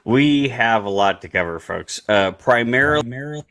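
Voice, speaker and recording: A man hosting an online radio show, giving laid-back, repetitive shout-outs. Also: mid-range voice, expressive, unhurried. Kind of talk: casual online radio talk.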